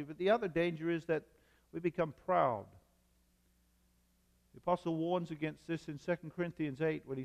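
A man's voice: a little high, darkish tone, muffled recording. Man preaching in a reverberant church. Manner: measured preaching with emphatic repetition. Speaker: pastor. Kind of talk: sermon.

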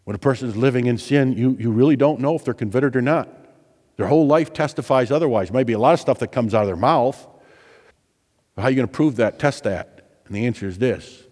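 Emphatic preacher in a reverberant church. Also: male voice, mid-range voice, fairly quick. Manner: emphatic, repeats phrases for stress, swings between loud and hushed. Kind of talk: sermon.

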